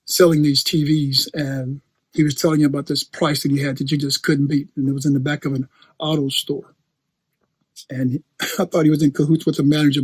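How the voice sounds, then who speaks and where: Husky-voiced preacher telling a story. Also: male voice, a little high, no room sound. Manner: animated storyteller, laughs often, repeats phrases. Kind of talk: storytelling sermon.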